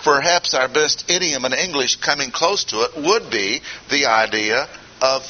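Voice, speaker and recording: A man teaching a Bible study in a deliberate, emphatic way with frequent pauses, on a dull lo-fi recording with faint hiss. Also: mid-range voice, lively intonation, bright, forceful tone. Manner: deliberate, emphatic, pausing often. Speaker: preacher.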